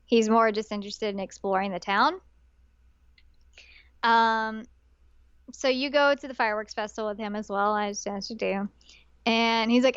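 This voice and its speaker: A woman co-hosting a podcast, chatting casually and retelling a story with lots of animated quoted lines. Her voice sits a little high for a woman. The sound is dry and close, with a dull, lo-fi tone. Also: moderate pace, pauses often, clean tone, no echo. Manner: animated storytelling, often quoting characters. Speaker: podcast co-host.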